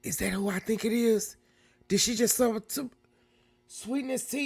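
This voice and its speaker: A woman hosting a live reaction stream, talking casually and breaking into loud, excited exclamations. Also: on the high side, unhurried, breathy edge.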